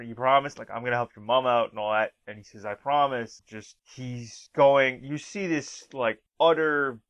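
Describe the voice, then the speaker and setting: A man's voice: medium pitch, a bit bright. Rambling man reviewing a trailer, lo-fi. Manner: rambling, restarts and acts out quoted lines. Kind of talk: casual spoken review.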